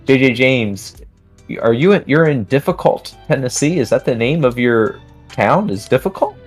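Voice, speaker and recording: A man hosting a live trading stream, chatting casually while reading viewer comments aloud and laughing often. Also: mid-range voice. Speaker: livestream host.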